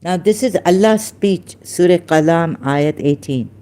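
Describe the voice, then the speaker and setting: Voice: medium pitch, measured pace, mellow. A speaker hosting a heated religious debate, scolding a caller with emphatic rhetorical questions and sounding angry. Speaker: online debate host.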